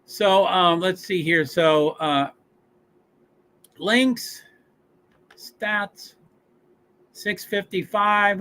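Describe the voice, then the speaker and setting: Bright, high-voiced man reading rosters. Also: clean tone. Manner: halting, many fillers, chatty asides. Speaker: host of a sports watch-along stream. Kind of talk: casual live-stream reading of team rosters and stats.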